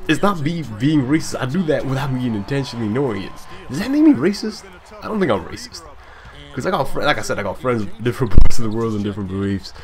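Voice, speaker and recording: A young man with a mixed British-African accent talks over his basketball gameplay in loose, rambling bursts. His voice sits a little low, and he drifts from topic to topic with easy self-deprecating chatter. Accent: hybrid British-African. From Scotland. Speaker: gaming YouTuber. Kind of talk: casual gameplay commentary.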